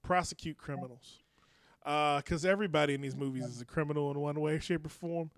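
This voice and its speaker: A man co-hosting a podcast in casual chat, animated, swearing freely and laughing often. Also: on the high side, a little fast, no room sound, studio quality. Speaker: podcast co-host.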